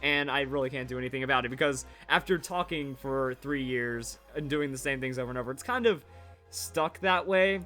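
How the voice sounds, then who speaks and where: A Pokemon YouTuber in his twenties chats casually over his old videos, rambling and repeating himself with verbal tics. His medium-pitched voice is fairly quick, pushed and bright, with soft music in the background.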